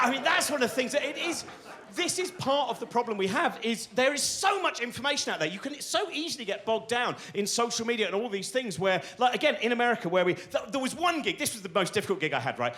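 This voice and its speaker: A middle-aged English comedian rambles through a stand-up routine, restarting his sentences and running himself down. His voice sits high for a man and leaps all over the place as he tells his stories. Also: a little hiss or hum. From England. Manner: rambling, self-deprecating, animated, restarts often.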